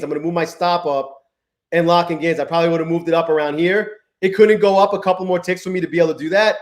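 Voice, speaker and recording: A man hosting a live trading stream, chatting with viewers, swearing often and swinging between low mutters and exasperated outbursts. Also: a little fast, roomy sound. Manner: profane, exasperated, talks to chat. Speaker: livestream trading host.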